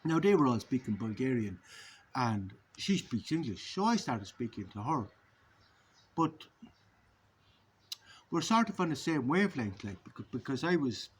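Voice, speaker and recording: A man's voice: medium pitch, slight background noise. A middle-aged man telling a long, rambling, self-assured story, philosophizing and swearing freely. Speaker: vlogger. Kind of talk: rambling monologue.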